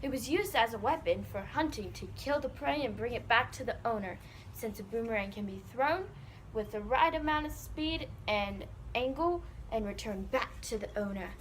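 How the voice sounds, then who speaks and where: A woman's voice: a little high, lively intonation, normal speed, slight background noise. A girl presenting a school project video playfully, sprinkling in crikey and mate.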